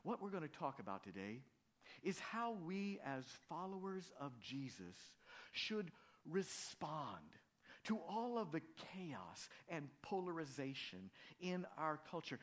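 A male pastor giving a sermon, telling stories in an animated way and rising to emphatic peaks. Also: high voice, unhurried.

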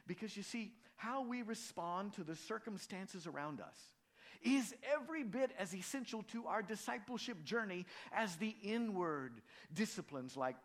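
A male pastor giving a sermon, telling stories in an animated way and rising to emphatic peaks. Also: sits high.

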